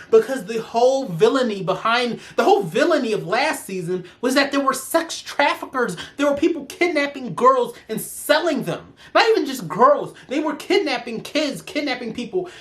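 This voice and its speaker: A woman giving a ranting review in a vlog, sassy and profane as she vents. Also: sits high. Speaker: show reviewer.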